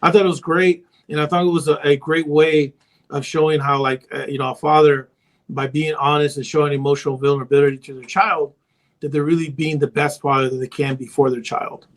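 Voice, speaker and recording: Brief: male therapist guest, slightly high voice, loose chatty storyteller, fillers everywhere. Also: flat delivery, a little fast. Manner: rambling storyteller, heavy on filler phrases. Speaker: therapist and parent coach. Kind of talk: casual podcast conversation.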